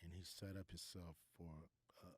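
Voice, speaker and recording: A man as a podcast guest, telling a story in a laid-back, slangy, animated way. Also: low-pitched, moderate pace, dry recording. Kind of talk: casual storytelling.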